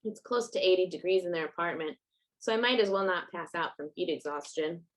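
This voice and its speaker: A woman author reads her own fiction aloud in a measured first-person narration. Her voice sits somewhat low for a woman, with a steady, even reading pace. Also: poor audio.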